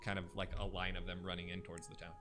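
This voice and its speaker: A man's voice: low-pitched, level tone, very fast, sharp tone, slight background noise. Casual man narrating as game master.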